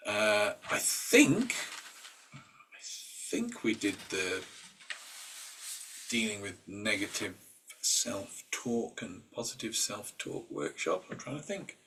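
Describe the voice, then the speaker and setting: A man's voice: lowish voice, big pitch swings, slow, pauses often, a bit bright, distant mic, a little hiss or hum. A man leading an informal mindset workshop. He talks conversationally, with fillers and restarts, and acts out inner voices in quoted asides. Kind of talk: informal talk.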